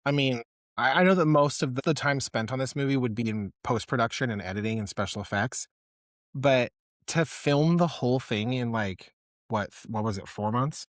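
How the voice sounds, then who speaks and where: A man's voice: mid-range voice, moderate pace, no echo. A man with a mid-range voice co-hosts a film podcast in loose, chatty talk. He rambles through his points and teases his co-host. The recording is dry and close-miked. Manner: chatty, teasing, full of "like" fillers. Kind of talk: casual chat.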